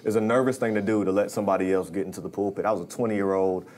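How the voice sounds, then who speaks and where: A male pastor with a lowish voice, chatting easily on a podcast. He sounds grateful and relaxed and laughs readily. A soft hum hangs in the background. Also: very fast. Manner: grateful, conversational, easy laughs. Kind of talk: podcast discussion among pastors.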